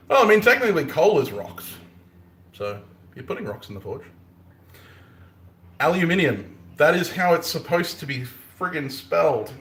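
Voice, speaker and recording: A man's voice: a little high, big pitch swings, unhurried, pauses often, a bit bright. Aussie bladesmith guy cracking puns on a live stream, roomy echoey sound. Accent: Australian. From Australia. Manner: joking, punning, laughs often. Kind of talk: casual live stream chat. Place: workshop forge.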